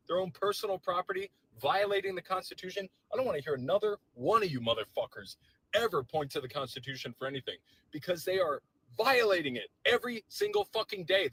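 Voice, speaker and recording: A man's voice: high voice, a bit bright, slightly rough, dry recording, rough recording. A man delivering a heated, profane and sarcastic political rant to camera, visibly agitated. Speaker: political commentator.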